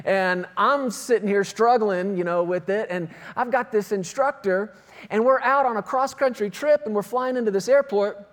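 A young man preaching a sermon, drawing out scripture passages slowly and with weight between casual stories. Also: high-pitched, fairly bright tone. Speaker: pastor.

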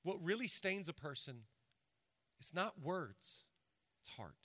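A man in his forties preaching a sermon to his congregation, swinging between loud bursts and hushed asides. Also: a little high, sing-song, slow pace, dry recording. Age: 40s. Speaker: pastor.

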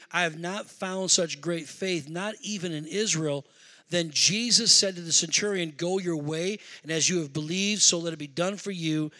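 A man's voice: high voice, bright, forceful tone. A middle-aged male pastor, telling a personal story in a sermon and rising into fervent preaching.

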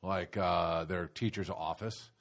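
A man co-hosting a casual podcast chat, reacting quickly and joining in on the jokes. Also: sits low, steady tone, creaky, a bit bright.

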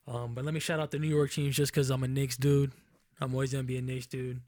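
A man's voice: mid-range voice, flat delivery, moderate pace, pauses often, no room sound, clean studio sound. A young man hosting a casual sports podcast, rambling through standings in a loose, profane way and correcting himself as he goes. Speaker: podcast host. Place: Enumclaw, Washington.

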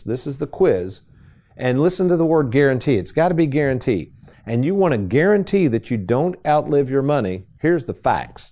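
A man's voice: medium pitch, warm tone. A man hosting a retirement-planning radio talk show, talking in a folksy way, quizzing his co-host and stressing key words as he explains.

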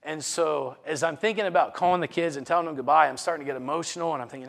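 A man's voice: fairly high pitch, rapid-fire, gravelly, fairly bright tone. Earnest man telling a personal testimony. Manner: earnest storytelling with repeated words and restarts. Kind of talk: personal testimony told to a congregation.

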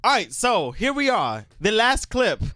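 A man co-hosting a casual podcast, animated and profane, laughing often. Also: sits high, a little slow, noisy background. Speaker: podcast co-host.

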